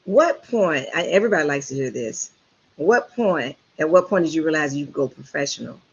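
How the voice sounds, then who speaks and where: A woman's voice: sits low, animated, fairly quick, slightly rough. A talkative woman hosts a casual interview and chats her way into her questions. Her voice comes through dull, lo-fi audio. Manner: talkative, chatty. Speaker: show host.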